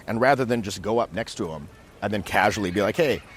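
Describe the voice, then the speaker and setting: A man teaching social skills in a casual, animated way, acting out quick scenes as he explains. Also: on the low side, slight background noise. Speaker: dating coach. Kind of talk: casual instructional talk. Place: outdoors in a city.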